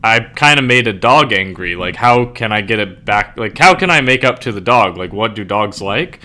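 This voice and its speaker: A blunt, clueless young woman, as a young man quotes her in his own voice speaks in a flat, hesitant way. The voice sits lowish and bright. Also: normal speed.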